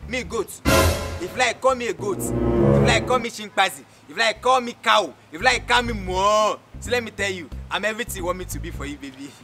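A man's voice: high voice, animated, a little fast, music in the background. A man with a Nigerian accent playing a persistent, lovesick young male suitor who begs dramatically. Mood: pleading. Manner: pleading, begging, dramatic. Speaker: actor in a comedy skit.

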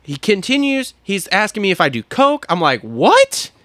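A man co-hosting a podcast, telling a long story in casual chat, animated and full of swearing, acting out what people said. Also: high voice, brisk, no echo. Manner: animated, swears a lot, acts out quotes. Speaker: podcast co-host.

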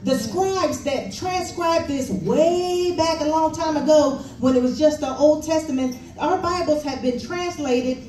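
A woman's voice: high-pitched, unhurried, few pauses, dark tone, a little hiss or hum. Female minister, chatty short sermon, distant echoey hall, congregation audible. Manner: conversational, uses a prop demonstration. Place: church sanctuary. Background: congregation responding.

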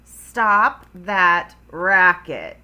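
A woman voicing a stern frog father in a slow, firm storybook read-aloud voice. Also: on the low side, animated, smooth, highs cut off.

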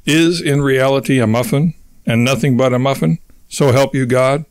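A man reads out a theatrical, paranoid inventor with a pompous, stuffy British put-on, talking in a steady mid-range voice. He delivers each wild suspicion with mock gravity, and the sound is dry and close with no room around it. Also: mid-range voice, moderate pace, smooth, dry recording, close to an everyday voice. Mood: conspiratorial. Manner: pompous, conspiratorial, over-the-top. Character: paranoid eccentric male inventor, grandiose and theatrical.

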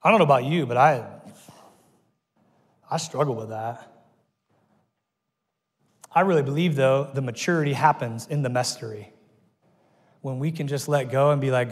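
A man's voice: mid-range voice, moderate pace, pauses often, breathy edge. A man preaching a sermon as pastor, telling stories with energy and acting out the people he quotes. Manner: animated storytelling, acts out quoted voices. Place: church auditorium. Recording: long reverb of a church hall.

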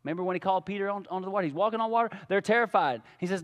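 Pastor, male, very high lively voice, casual animated sermon, long church-hall reverb. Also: racing, hardly any pauses. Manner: animated, casual preaching with rhetorical questions. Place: church sanctuary.

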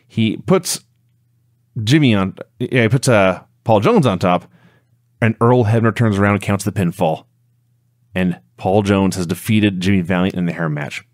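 A man's voice: lowish voice, moderate pace, dry recording, clean studio sound. A man co-hosting a wrestling podcast, recapping a match step by step in casual talk. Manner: steady storytelling recap. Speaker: podcast co-host.

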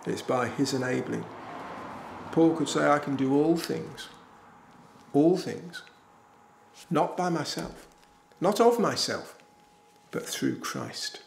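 Gravelly older man preaching in echoey church. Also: on the high side, lively intonation, slow pace, pauses often. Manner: earnest, emphatic, repeats key phrases. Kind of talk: sermon. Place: small village church.

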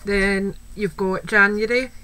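Her voice is mid-range, steady, and sharp, moving at a slow pace as this Scottish crafting host does a casual show-and-tell at home. She gushes over the item, full of "wee"s and "um"s, while a child and faint household sounds come through the poor-quality audio.

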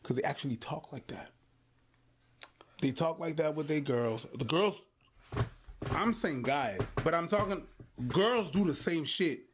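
A man's voice: fairly high pitch, expressive, measured pace, long pauses, background noise. A man in a casual chat, talking in a loose, slangy, conversational way.

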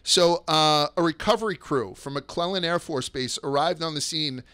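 A man hosting a podcast, telling stories in a casual, profane, excitable way that sometimes rushes and stumbles over his words. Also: fairly high pitch, clear, resonant tone. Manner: rushes and restarts when excited. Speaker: podcast host. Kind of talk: casual storytelling chat.

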